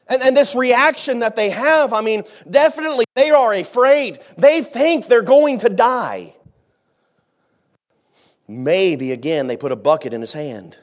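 A man preaching a sermon, who jokes with the congregation and acts out scenes, swinging from hushed asides to shouting. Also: extremely high pitch, expressive, moderate pace. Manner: dramatic, acts out the disciples' panic, swings from quiet to shouting. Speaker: pastor.

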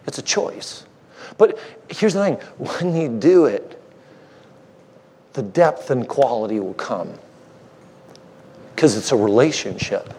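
A man's voice: medium pitch, animated, slow, long pauses, warm tone, husky. A man preaching a sermon as a guest speaker, conversational and joking with the congregation, married fifteen years.

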